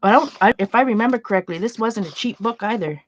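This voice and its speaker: An art journaling vlogger chats casually while sorting her art supplies, rambling, trailing off and starting her sentences over. She talks fast in a high-ish voice, and the sound is lo-fi.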